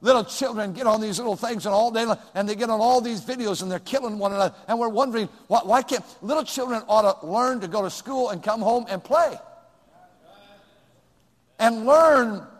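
A middle-aged male pastor preaching a sermon, swinging between loud exclamations and hushed, close remarks. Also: high voice, quick pace, few pauses. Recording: long hall reverb.

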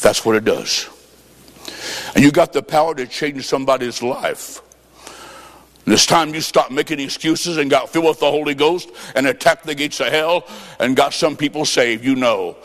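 A man preaching at a revival, telling a story and acting out voices, with bursts of shouting. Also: fairly high pitch, moderate pace, long reverb tail. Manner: dramatic, acts out quotes, shouts praise. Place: church revival service.

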